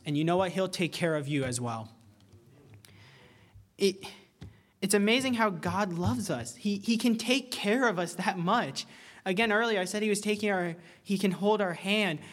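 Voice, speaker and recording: Delivering a sermon, a young man speaks with earnest, animated energy in a voice slightly high for a man. When excited he stumbles and repeats words, then slows way down to drive a point home.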